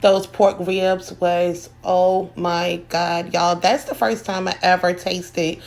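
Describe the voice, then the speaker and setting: A chatty middle-aged woman walks viewers through a home cooking demonstration. Her voice carries a gravelly fry, and her talk is folksy and loose. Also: fairly low pitch, level tone, slow pace.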